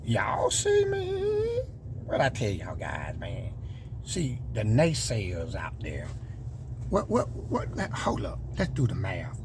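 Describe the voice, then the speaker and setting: A man's voice: deep voice, very animated, takes it slowly, background noise. A man talking casually to his viewers about his truck build, boastful and preachy in manner.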